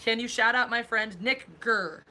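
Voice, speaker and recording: Bright-voiced sarcastic young woman. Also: fairly high pitch. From Philadelphia. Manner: animated, sarcastic, quick asides. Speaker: podcast co-host. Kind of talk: casual livestream chat.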